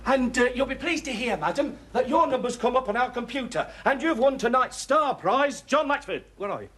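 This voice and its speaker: A jokey, cajoling suitor. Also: male voice, very high voice, animated, fairly quick, bright, forceful tone, breathy edge, exaggerated voice. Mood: cheerful. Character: jokey, cheerful man courting a woman. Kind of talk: 1980s television soap acting.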